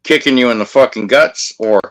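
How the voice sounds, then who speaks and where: A man's voice: mid-range voice, a little fast. A man in his fifties who works as a security guard, telling a story in blunt, profane, combative casual talk. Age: 50s.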